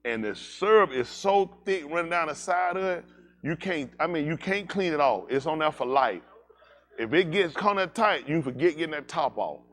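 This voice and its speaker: A man's voice: on the high side, animated, normal speed, a bit bright. A male pastor, telling country stories to his congregation in a loose, joking way and laughing at his own jokes. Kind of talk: casual storytelling sermon.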